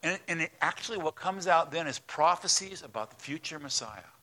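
A man's voice: fairly high pitch, animated, brisk, pushed and bright. A man preaching a sermon as a pastor, telling a story and acting out its voices.

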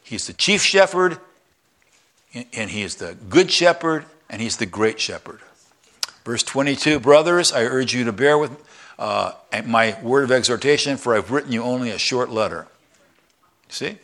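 A man preaching a sermon in church, folksy and animated, sometimes shouting with excitement. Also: mid-range voice, moderate pace, gravelly. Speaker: pastor.

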